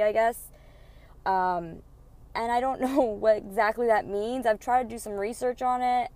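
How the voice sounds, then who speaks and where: A woman's voice: on the low side, a little mellow. Chatty young woman podcast host. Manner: chatty, swears freely, many "like" fillers. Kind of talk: casual storytelling monologue.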